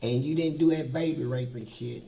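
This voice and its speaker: A man's voice: medium pitch, normal speed, creaky, mellow, rough recording. An older man telling stories in a blunt, profane, streetwise way, as a guest in an interview. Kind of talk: casual storytelling.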